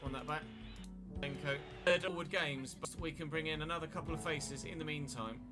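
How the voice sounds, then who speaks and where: A man's voice: fairly high pitch, steady tone, a little fast, music in the background. Chatty man, streamer commentary. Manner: chatty, wry, replies to live chat. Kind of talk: casual game commentary.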